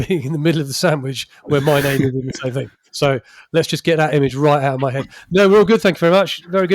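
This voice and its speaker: Male co-host, fast and emphatic, teasing, dry close sound. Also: on the high side, no echo. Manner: emphatic, teasing, repeats words for stress. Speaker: podcast co-host. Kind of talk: casual sports podcast chat.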